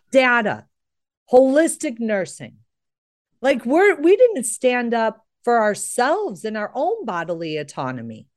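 A middle-aged American woman hosting a talk show, speaking earnestly and with emphasis. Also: medium pitch. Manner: earnest, emphatic, rising with emotion. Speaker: host. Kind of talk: impassioned talk show monologue.

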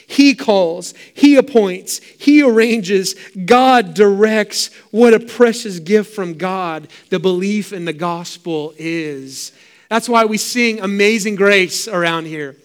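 A middle-aged man preaching a sermon as pastor, fervent and emphatic with repeated phrases. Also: sits high.

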